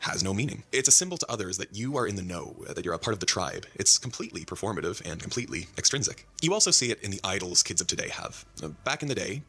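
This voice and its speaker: A man narrating a video essay in a measured, scripted delivery. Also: low-pitched, lively intonation, sharp tone, husky.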